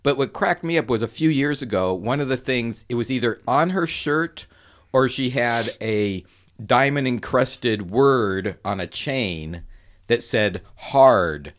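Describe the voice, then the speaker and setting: A man co-hosting a podcast in casual chat, animated, laughing often and restarting his sentences. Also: mid-range voice, unhurried. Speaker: podcast co-host.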